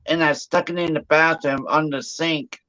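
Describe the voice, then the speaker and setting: Man, casual storyteller, lively and quick, bright tone, dull lo-fi stream sound. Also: on the high side. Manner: animated, quick, acts out quotes.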